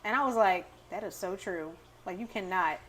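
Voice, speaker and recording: In a medium-pitched voice at a moderate pace, a female podcast co-host chats casually. She brings her stories to life by acting out the quotes.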